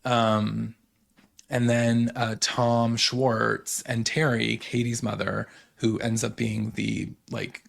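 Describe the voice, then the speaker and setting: A man's voice: mid-range voice, level tone, creaky. A young man hosting a casual recap, gossiping about reality TV and paraphrasing what others said, with lots of "like" and "you know". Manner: gossipy, quotes others in quick paraphrase, many fillers. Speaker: podcast host recapping reality TV.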